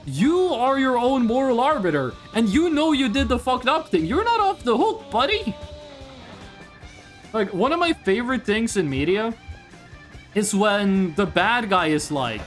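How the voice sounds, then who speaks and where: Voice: medium pitch, big pitch swings, measured pace, faint music behind. A streamer chatting casually and rambling over gameplay, swearing freely and jumping between topics.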